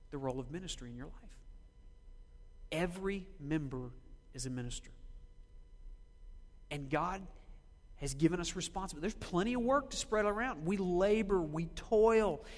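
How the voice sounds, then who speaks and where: A man preaching a sermon as a pastor, asking the congregation questions and slowing down to read scripture aloud. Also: high-pitched, long reverb tail. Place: church sanctuary.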